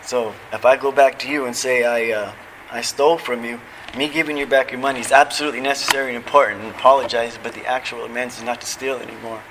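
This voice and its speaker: A man's voice: mid-range voice, steady tone, quick pace, noisy background. A middle-aged man giving a heartfelt personal testimony at a recovery convention, telling his story casually with slang like "man" and "dude". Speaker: recovery meeting speaker. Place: convention hall.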